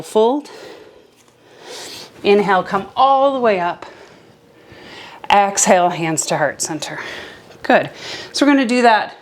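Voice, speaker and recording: A young adult woman leads a beginner yoga class at an unhurried, deliberate pace. She calls out each inhale and exhale with calm, step-by-step cues. Her voice sits in an ordinary middle pitch. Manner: calm step-by-step cueing with breath counts. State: a little out of breath at times. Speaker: yoga instructor. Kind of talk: guided yoga class instruction.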